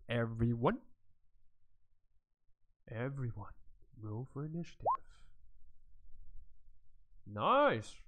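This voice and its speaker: A man's voice: mid-range voice, animated, slow pace, long pauses, heavy background noise. Guy game-mastering a tabletop game, lots of "like" and laughs, voice bounces up and down, takes his time. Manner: loose, filler-heavy, laughs often.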